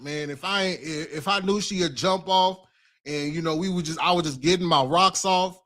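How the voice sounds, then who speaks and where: A man riffing on the news in casual reaction commentary. His voice sits high and he takes his time, slangy and quick to exclaim or laugh. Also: sharp tone.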